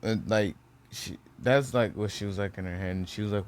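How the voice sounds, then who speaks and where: A young man telling a homemade fan story off the cuff, full of "like" and self-corrections. His voice sits a bit low, and he keeps a loose, conversational flow. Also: normal speed, a little hiss or hum. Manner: rambling, many fillers and restarts. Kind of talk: casual fan story retelling.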